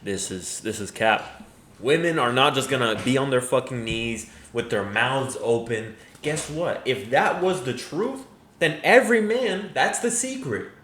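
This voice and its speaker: A man's voice: mid-range voice, expressive, a little slow, a bit bright, slight background noise. A man giving crude, mocking reaction commentary, emphatic and profane. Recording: echoey room.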